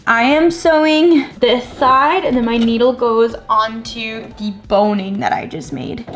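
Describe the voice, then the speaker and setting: A young woman vlogging at home as she crochets, chatty and excitable, talking to the camera on a stand. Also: a little high. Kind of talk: casual talk-to-camera vlog.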